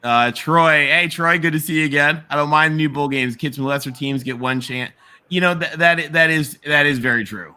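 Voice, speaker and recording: Male stream host, bright tone, loose rambling sports chat with frequent laughs. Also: fairly high pitch, normal speed, clean tone. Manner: laughs often, rambling with restarts. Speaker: livestream host.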